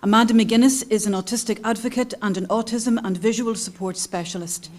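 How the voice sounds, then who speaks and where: A woman giving a formal introduction of a speaker in a measured, reading manner. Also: a little high, fairly even intonation.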